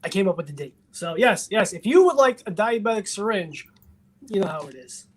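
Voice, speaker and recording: A man's voice: high-pitched, sing-song, brisk, noisy background. A man co-hosting a casual comedy podcast, joking in a laid-back way. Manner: joking, laid-back, laughs between lines. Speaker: podcast co-host.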